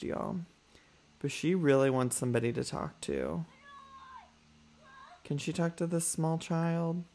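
A man's voice: on the high side, vocal fry, a little mellow. A man giving chatty let's play commentary, calling his viewers y'all and talking back to his character with sass. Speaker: gaming YouTuber.

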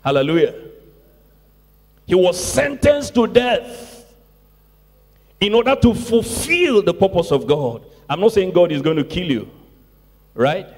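A man's voice: high voice, sing-song, unhurried, long pauses, darkish tone. A man preaching a sermon as pastor to his congregation, stressing key words and repeating phrases with call-outs to the room. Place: church sanctuary. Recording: long church reverb.

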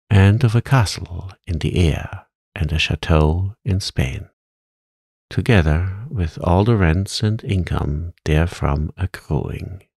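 A man reading a classic story aloud in a calm, soothing, soft-spoken bedtime manner. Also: low-pitched, gravelly, no echo, clean studio sound. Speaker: audiobook narrator.

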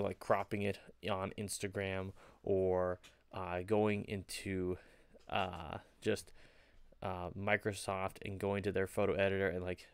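A man's voice: on the low side, vocal fry, no room sound. A young man talking casually to camera as a video creator, rambling a little with plenty of fillers. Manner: conversational, rambling, many fillers. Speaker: photo editing video creator. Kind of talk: casual vlog commentary.

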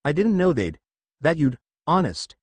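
A nervous young satyr fumbles his apologies, voiced by a man reading aloud. He sits a little higher than the narrator. The sound is close and dry. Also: sing-song, a little slow, breathy edge, dry recording, heavily acted. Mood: apologetic. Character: anxious young satyr, male.

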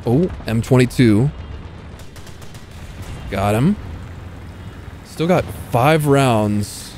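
A man giving casual commentary over his own gameplay, excitable, swearing freely and talking to enemy tanks. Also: mid-range voice, extremely slow, a little hiss or hum. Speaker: gaming YouTuber.

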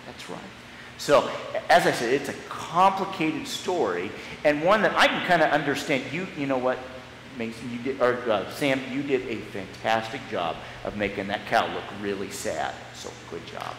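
A pastor of medium pitch and fairly bright tone speaks at normal speed with lively intonation as he leads kids through a children's message. His storytelling is playful and stop-start, captured on a live stream in an echoing sanctuary with faint hiss or hum.

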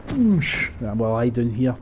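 A man giving live, profane, rambling commentary over his own gameplay, breaking into excited outbursts. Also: mid-range voice, a little slow, breathy edge. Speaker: gaming channel host.

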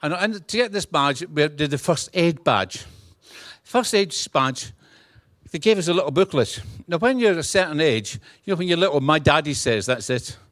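Scottish preacher, dry close sound. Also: male voice, a little high, moderate pace, no echo. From Scotland. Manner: humorous, animated, acts out dialogue. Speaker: guest preacher. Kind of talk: sermon with storytelling.

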